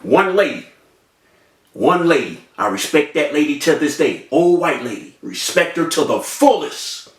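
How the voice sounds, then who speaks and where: Animated man telling a story, high and lively. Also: unhurried, far from the mic. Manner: acts out voices and sound effects, street slang. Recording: echoey room, off-mic.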